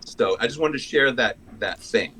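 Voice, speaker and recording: Man, group member, candid, self-deprecating, halting speech. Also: medium pitch, lively intonation, pushed and bright, a little hiss or hum, rough recording. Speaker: congregation member sharing a story. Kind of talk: personal sharing in a group.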